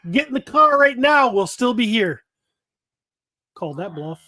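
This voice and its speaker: A man's voice: extremely high pitch, a little slow, dry recording, clean studio sound. A man on a podcast telling stories animatedly, swearing freely and acting out the other people's lines. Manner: animated storyteller, profane, acts out dialogue. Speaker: podcast co-host. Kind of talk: casual podcast banter.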